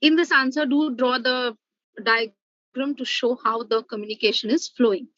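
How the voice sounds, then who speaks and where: A woman's voice: a little high, fairly even intonation, moderate pace, fairly bright tone, no echo, highs cut off. A woman professor giving an online revision lecture, explaining step by step with the odd "uh" and "okay".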